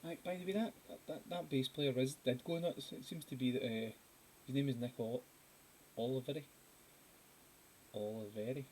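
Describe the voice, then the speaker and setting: A man's voice: mid-range voice, normal speed, pauses often, darkish tone, poor audio. A Scottish man hosting a casual live drawing stream, chatty and giggly, hopping from topic to topic. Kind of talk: casual chat while drawing. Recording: faint hiss.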